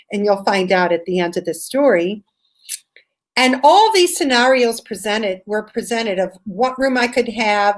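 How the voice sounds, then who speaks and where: An American woman telling a personal story in an animated way, acting out the voices of the people she quotes. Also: a little high. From USA. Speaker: storyteller guest.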